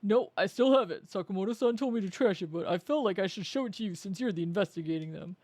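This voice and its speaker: A woman's voice: mid-range voice, expressive, fast, a little mellow, no room sound, natural voice. A woman reading as a friendly strapping schoolboy. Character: friendly strapping teenage boy, karate student.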